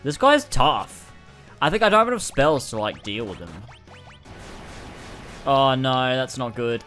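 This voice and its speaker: A man streaming a game, reacting casually and excitably, swearing and laughing often. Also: medium pitch, measured pace, pauses often, faint music behind.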